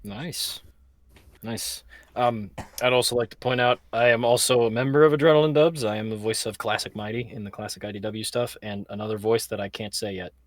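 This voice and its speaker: A man's voice: on the low side, fairly even intonation, brisk, dry recording. Man, panel host, easygoing, jokey, dry sound. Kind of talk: hosting a casual online panel.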